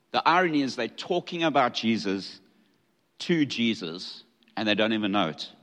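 A man's voice: fairly low pitch, fairly bright tone. Conversational male pastor in a reverberant hall. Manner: conversational and humorous, acting out scripture dialogue. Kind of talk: sermon.

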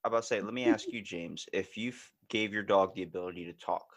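A man's voice: on the low side, fast talker. A man hosting a casual podcast. He talks loosely, swears a lot and acts out voices as he goes. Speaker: podcast host.

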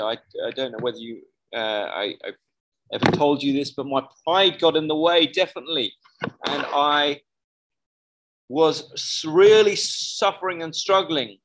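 A man's voice: on the high side, a bit bright, rough recording. A man preaching a sermon in a conversational way, often stopping to correct himself. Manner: conversational, with frequent self-corrections.

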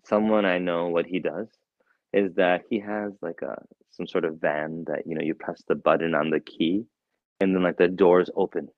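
A man teaching a religious lecture in a mosque, telling a story with animated quoted voices. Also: low voice, normal speed, no echo. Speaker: shaykh teaching a lecture series. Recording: dull, dry lo-fi sound.

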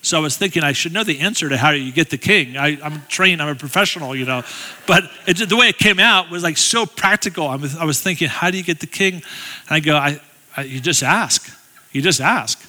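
Man, middle-aged, guest preacher, slightly high voice, self-deprecating humor, long church reverb. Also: quick pace, pushed and bright. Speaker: guest speaker. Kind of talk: storytelling sermon. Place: church sanctuary.

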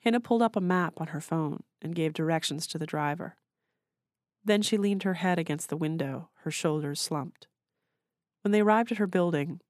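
A low-voiced woman, slightly mellow in tone, reads aloud her own short story in a measured, literary style. It's recorded dry and close, with no echo.

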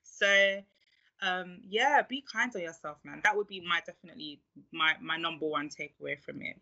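A woman with a London accent talks about faith in an encouraging, preachy way. Her voice is very bright and cutting. The recording sounds dull and lo-fi. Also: low-pitched, gravelly. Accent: London English. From England. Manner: encouraging, preachy, laughs often. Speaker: podcast guest. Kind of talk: faith-based podcast chat.

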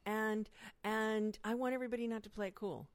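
A woman's voice: brisk, dry recording. A middle-aged woman, a sex educator being interviewed, talking expressively and acting out quotes. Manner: expressive, acts out quotes with big pitch jumps. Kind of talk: animated interview conversation.

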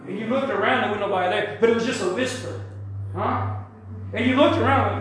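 Older preacher guy, really high voice, testimony sermon w lots of church echo. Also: brisk, slight background noise. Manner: testimony storytelling that builds to shouted praise. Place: church sanctuary. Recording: very echoey church hall.

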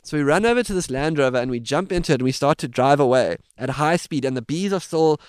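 Animated storytelling man. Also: a little high, fast, clean tone, no echo, clean studio sound. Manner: vivid, dramatic retelling with voiced sounds. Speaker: podcast guest, safari guide.

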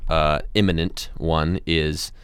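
Deep-voiced young man chatting casually. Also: little pitch movement, takes it slowly, clean tone, dry recording, studio quality. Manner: rambling, yells cheers loudly. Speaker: co-host. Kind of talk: casual chat.

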